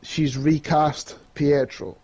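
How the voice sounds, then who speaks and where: Excitable Scottish man with a mellow voice. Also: on the high side, takes it slowly, slightly rough, highs cut off. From Scotland. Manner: excited, repeats himself when worked up. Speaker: podcast co-host. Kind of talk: casual chat.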